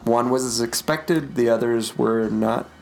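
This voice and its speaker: A man's voice: mid-range voice, unhurried, vocal fry, darkish tone, soft background music. A man co-hosting a podcast in casual, rambling chat, joking and laughing often. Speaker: podcast co-host.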